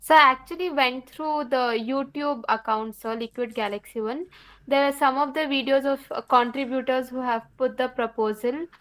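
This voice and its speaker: A woman's voice: high-pitched, fairly even intonation, moderate pace, fairly bright tone, low-quality recording. A woman asking a question on a video call in an online meeting, politely calling the host sir. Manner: polite, says "sir" often.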